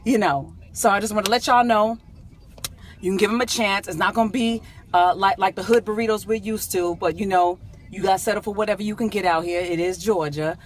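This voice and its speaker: A woman's voice: mid-range voice, steady tone, a little fast. A middle-aged woman from San Diego telling a comic, indignant story in a casual vlog, talking from inside her car. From San Diego, California. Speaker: vlogger. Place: in a car, driving.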